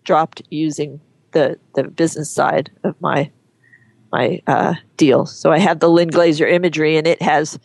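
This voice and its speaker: A woman guest on an interview show, talking frankly and chattily, often pausing and restarting her sentences. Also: low voice, steady tone, creaky, a little mellow, no echo. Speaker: guest, horse photographer. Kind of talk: casual interview chat.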